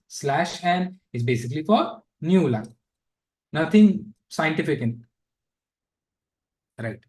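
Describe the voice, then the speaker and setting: Man, coding instructor, fairly high voice, unhurried, chatty with asides. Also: darkish tone, rough recording. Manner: casual, thinks aloud with fillers and asides. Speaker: programming instructor. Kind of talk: live coding lesson.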